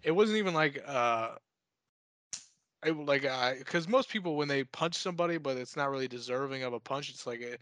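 A man co-hosting a casual podcast, deadpan and darkly joking, swearing freely with lots of "like". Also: mid-range voice, a little fast, no echo, studio quality. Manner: deadpan dark humor, swears, fillers like "like". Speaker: podcast co-host. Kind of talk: casual crude chat.

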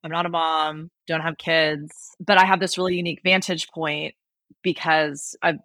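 A woman hosts a podcast in a low, gravelly voice with a sharp, bright edge. She chats casually and openly. The recording is dry and close. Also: level tone, moderate pace, dry recording. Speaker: podcast host. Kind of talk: casual interview chat.

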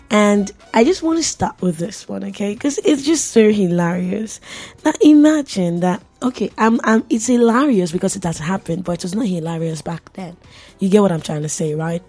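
A woman hosts a radio segment in a loose, chatty way, teasing her listeners and laughing as she goes. Her voice sits at an ordinary middle pitch. Faint music plays quietly behind her. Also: expressive, normal speed, breathy edge. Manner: playful, chatty, laughs often, talks to listeners directly. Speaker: radio host. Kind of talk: casual radio chat.

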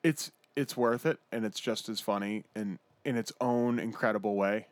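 A man's voice: lowish voice, normal speed, dry recording. A man in casual, profane podcast banter, rambling with lots of fillers and restarts.

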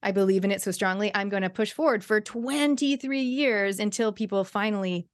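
A woman's voice: medium pitch, brisk. Enthusiastic female podcast host speaking to her listeners. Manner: enthusiastic, summarizing, addresses listeners. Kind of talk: casual interview chat.

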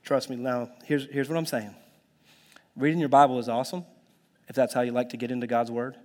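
A man preaching a sermon in a lively, conversational way, now and then dropping to a whisper or jumping to a shout. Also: medium pitch, fairly quick. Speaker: pastor. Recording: long hall reverb.

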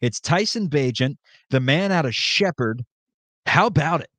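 Animated jokey male podcast host. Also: on the high side, no room sound. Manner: animated, jokey, quick asides. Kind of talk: casual sports podcast chat.

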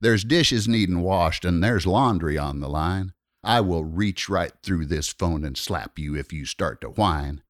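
A man's voice: deep voice, unhurried, no room sound, clean studio sound, pitched below the performer's own voice. A man voicing a sassy, flirtatious diner waitress who turns brash and scolding, in a recited comic story poem. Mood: scolding, furious. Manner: saucy and brash, barking insults when angry.

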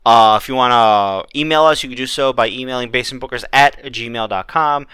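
A man's voice: medium pitch, fairly quick, bright, forceful tone, smooth, no echo. A man hosting a podcast, making dry, wry remarks in casual chat and reading the show's outro. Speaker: podcast host.

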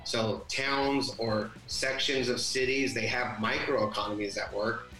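A man's voice: mid-range voice, fairly even intonation, measured pace, sharp tone, reverberant, soft background music, rough recording. A man in a casual podcast chat who tells long, rambling stories and acts out the dialogue. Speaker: guest.

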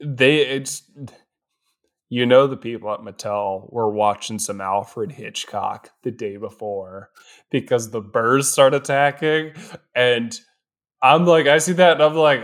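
A man's voice: mid-range voice, measured pace, a bit bright. A man co-hosting a comedy podcast who riffs on a movie in a rambling, laughing way. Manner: rambling, laughs often, riffs on absurd jokes. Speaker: podcast co-host. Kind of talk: casual comedic movie recap.

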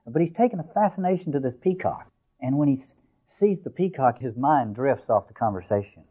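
A man giving a lecture who reads a story aloud slowly and then explains it in a discursive way, with fillers and restarts. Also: medium pitch, expressive, husky. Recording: tinny phone-like audio.

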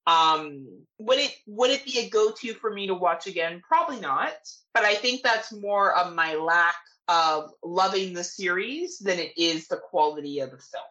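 A woman's voice: on the low side, lively intonation, normal speed, bright, forceful tone, low-quality recording. A young woman from Canada co-hosting a horror podcast, chatting casually, playful and crude, often laughing. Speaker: podcast co-host. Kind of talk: casual chat.

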